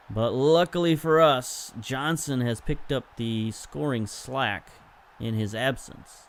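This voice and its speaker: With slight background noise behind him, a young gaming video host takes his time commenting on football management game highlights. His play-by-play is casual and chatty, getting excited at chances and full of self-corrections.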